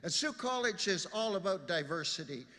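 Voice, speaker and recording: A man with a high, bright, forceful voice gives a measured acceptance speech at a podium. The sound carries a long reverb from the large event hall around him. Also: animated. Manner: measured, earnest. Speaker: college representative accepting award.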